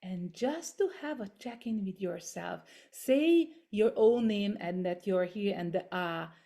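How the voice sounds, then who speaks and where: A woman leading a voice workshop over a video call, gently coaching step by step through exercises in English that is not her first language. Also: mid-range voice, lively intonation, measured pace, vocal fry. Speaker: voice workshop leader. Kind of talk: guided voice and body exercises.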